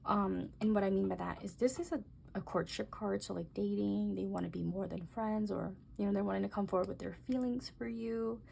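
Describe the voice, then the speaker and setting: A young woman doing a casual tarot reading, talking gently and musing aloud, with soft exclamations as she turns the cards. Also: medium pitch, steady tone, fairly quick, vocal fry, slight background noise. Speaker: tarot reader.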